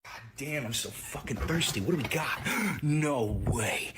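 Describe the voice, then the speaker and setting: A man in an old comedic video clip, joking loudly and swearing. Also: mid-range voice, lively intonation, a little slow, noisy background. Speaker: content creator.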